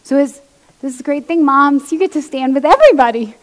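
A woman, a pastor's wife, giving an animated testimony sermon to women and acting out quoted voices as she tells stories. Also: high voice, a little fast. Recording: long hall reverb.

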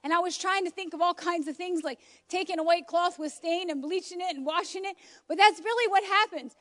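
Passionate woman preacher, very high voice, exclamatory, recorded on a phone at home. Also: a little fast, fairly bright tone. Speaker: homeschool mom preaching. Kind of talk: informal sermon.

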